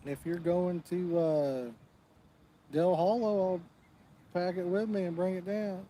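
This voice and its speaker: A man's voice: sits high, steady tone, a little slow, warm tone, a little hiss or hum, poor audio. A man hosting a live fishing stream outdoors, chatting casually and talking straight to the viewers in the chat. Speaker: fishing channel host.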